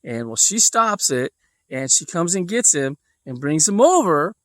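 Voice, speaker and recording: A man's voice: on the high side, sing-song, a little slow, a bit bright, no echo. A man telling a personal story in a casual, rambling way, with lots of fillers and restarts. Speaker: vlogger.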